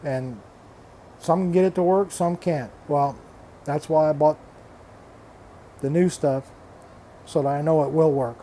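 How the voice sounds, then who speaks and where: Older man, exasperated rant, swears freely, warm mellow voice, slightly high, faint background hum. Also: fairly even intonation, measured pace, long pauses. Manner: repeats himself, restarts phrases. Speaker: reef aquarium hobbyist vlogger. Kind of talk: frustrated casual rant.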